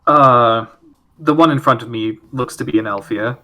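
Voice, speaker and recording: A man with a bright, forward tone takes his turn in a tabletop game. He calls his moves briskly and asks short rules questions. His voice sits in a middle range for a man. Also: medium pitch. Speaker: player.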